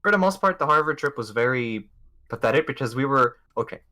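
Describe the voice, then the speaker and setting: A man's voice: medium pitch, lively intonation, a little fast, bright, forceful tone. A young man from Montreal, hosting a casual podcast, telling rambling, profane, jokey travel stories. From Montreal, Canada. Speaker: podcast host. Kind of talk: casual storytelling chat.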